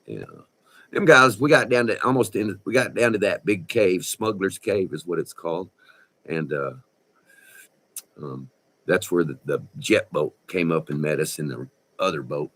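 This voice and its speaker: A man, telling a rambling, profane story in a folksy, animated way. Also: low-pitched, normal speed. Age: 60s. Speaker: vlogger. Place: indoors by a window.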